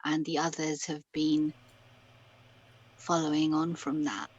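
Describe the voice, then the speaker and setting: Soft-spoken London woman, dry close sound. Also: low-pitched, flat delivery, takes it slowly, husky, no echo, lo-fi sound. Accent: London English. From Britain. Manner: hesitant, with fillers, then quiet and soft when recounting pain. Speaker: guest coach. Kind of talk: podcast interview.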